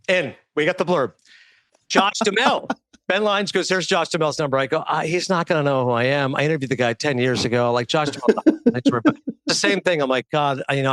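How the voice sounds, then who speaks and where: A man in casual podcast conversation, telling an animated anecdote as a guest author. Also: a little high, dry recording. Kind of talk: casual storytelling.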